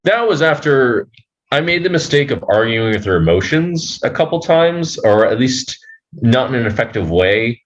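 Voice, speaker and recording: A man telling a personal story as a podcast guest, halting and rambling, swearing freely. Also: mid-range voice, big pitch swings, lo-fi sound. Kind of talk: casual storytelling.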